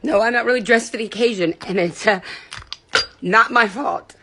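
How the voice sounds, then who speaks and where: A woman's voice: fairly high pitch, normal speed, pushed and bright, husky. A woman ranting furiously on a phone livestream, swearing and upset, her voice breaking at times. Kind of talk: angry livestream rant.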